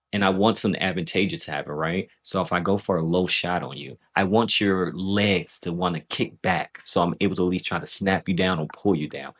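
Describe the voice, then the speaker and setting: A man's voice: low voice, a bit bright, slightly rough. A man casually breaking down footage of his own grappling match, loose and self-critical, often checking in with "right?".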